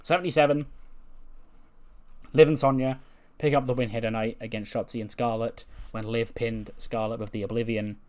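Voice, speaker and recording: A man's voice: mid-range voice, steady tone, normal speed, a little mellow. A man casually narrating and commenting on a game, rambling and correcting himself as he goes. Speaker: gaming channel host.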